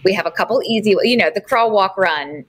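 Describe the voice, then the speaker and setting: A woman's voice: medium pitch, a little fast, fairly bright tone, rough recording. A woman who leads small groups at a church, speaking as a guest in an interview, earnest and sometimes searching for words. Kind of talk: conversational interview.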